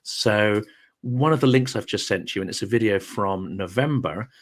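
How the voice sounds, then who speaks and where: A man who is a guest on a live chat, speaking in an earnest, measured way as he makes firm points. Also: fairly low pitch. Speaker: guest, political channel host.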